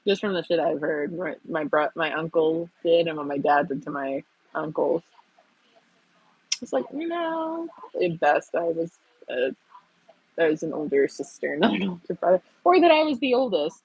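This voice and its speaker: Husky woman telling stories on a stream. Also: sits low, big pitch swings, normal speed, a little mellow, no echo, highs cut off. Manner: storytelling, laughs often. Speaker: streamer host. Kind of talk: casual chat. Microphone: earbuds.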